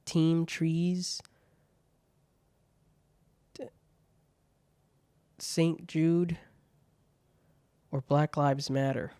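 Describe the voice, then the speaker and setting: Chill guy going through bad jokes, swears a lot, dry close mic, kinda high voice. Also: fairly even intonation, drawn-out words, pauses often, dark tone, clear, resonant tone, no room sound. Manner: laid-back, swears freely, laughs at bad jokes. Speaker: podcast host reading viewer questions. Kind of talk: casual solo chat.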